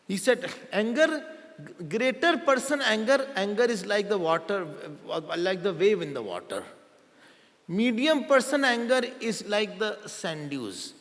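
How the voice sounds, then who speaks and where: Lively high-voiced man teaching in a hall. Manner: quizzes the audience, repeats names; chants verses slowly. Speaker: spiritual teacher. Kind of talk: storytelling discourse. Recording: long hall reverb.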